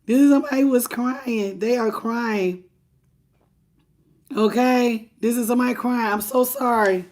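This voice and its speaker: A woman's voice: a little high, steady tone, measured pace, a little mellow. A woman doing a live tarot reading. She talks straight to viewers, greets the chat by name and repeats phrases for emphasis. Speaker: tarot reader.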